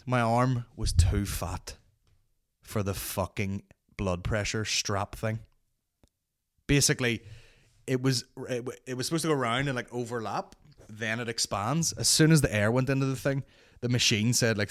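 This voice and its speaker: A man's voice: mid-range voice, moderate pace, pauses often, fairly bright tone, no echo, studio quality. A man with a Northern Irish accent hosting a comedy podcast, telling a story casually, swearing constantly and slipping into voices of other people. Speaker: podcast host.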